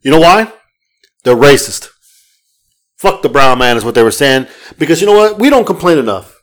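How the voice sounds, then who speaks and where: A man's voice: medium pitch, big pitch swings, moderate pace, fairly bright tone. A man co-hosting a podcast in casual chat, ranting with heavy profanity. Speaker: podcast co-host.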